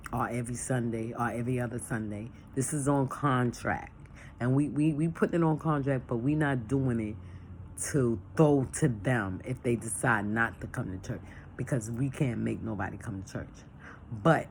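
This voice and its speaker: Animated plain-spoken church woman. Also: very deep voice, slight background noise. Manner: animated, acts out phone calls and dialogue; plain-spoken, repeats points for emphasis. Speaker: church member leading a discussion. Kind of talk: casual chat.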